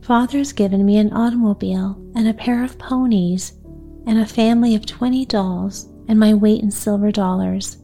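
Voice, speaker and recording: Woman voicing a gentle little rich girl, storybook reading, mellow tone, faint music behind. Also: medium pitch, steady tone, normal speed, natural voice. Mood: earnest.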